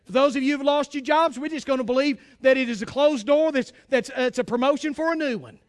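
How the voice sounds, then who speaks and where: A man's voice: very high voice, fast talker. A male pastor preaching a folksy, emphatic sermon with bits of humor.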